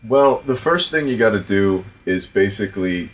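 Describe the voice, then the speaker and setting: His voice on the low side and his pace moderate, a middle-aged podcast host and film director with a Providence, Rhode Island accent shares stories about directing. The talk is casual and animated, laced with profanity and lots of fillers.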